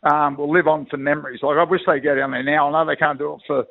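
A man's voice: fairly high pitch, little pitch movement, quick pace, vocal fry. A middle-aged Australian man, a retired rugby league player, telling rambling blokey stories as a guest. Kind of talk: phone interview, storytelling. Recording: tinny phone line.

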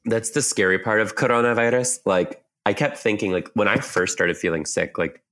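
A young man co-hosting a casual podcast, animated and joking with quick asides. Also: fairly low pitch. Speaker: podcast co-host. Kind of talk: casual chat.

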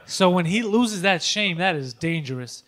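A man's voice: high voice, normal speed, some chatter behind. A man co-hosting a podcast, telling stories in casual, profane chat and acting out the people he quotes. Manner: animated, profane, acts out quotes loudly. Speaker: podcast co-host, comedian.

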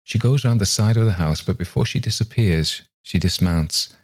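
A man reading a ghost story aloud in a calm, measured way. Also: lowish voice, husky. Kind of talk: scripted narration of a ghost story.

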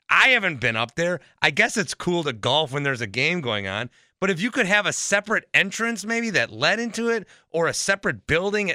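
Profane, bright-voiced man ranting. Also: sits high, sing-song, moderate pace, dry recording, clean studio sound. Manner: exasperated, profane, rambling. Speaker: sports podcast host. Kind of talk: ranting monologue.

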